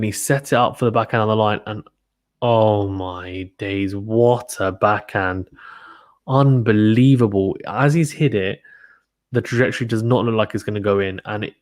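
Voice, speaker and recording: A man giving excitable live play-by-play tennis commentary, gasping and exclaiming at big points. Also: lowish voice, no room sound, clean studio sound.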